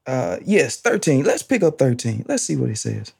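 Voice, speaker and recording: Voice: mid-range voice, sing-song, normal speed, vocal fry, a little mellow, breathy edge. A preacher giving a sermon, emphatic, repeating key phrases and laughing often.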